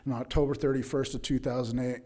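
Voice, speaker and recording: A man at a recovery meeting recounting his own story at an average pitch. He talks loosely and conversationally, leaning on "right?" and plenty of fillers. He slips into the voices of the people in his story. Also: little pitch movement, fast, mellow. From Utah, USA. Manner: acts out dialogue of others in his story. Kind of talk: personal recovery testimony.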